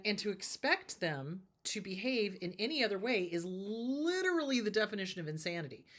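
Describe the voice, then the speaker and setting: A woman's voice: mid-range voice, a bit bright. A woman therapist talks to her audience in a casual advice style. She repeats her points for emphasis and drives each one home. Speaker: therapist and show host.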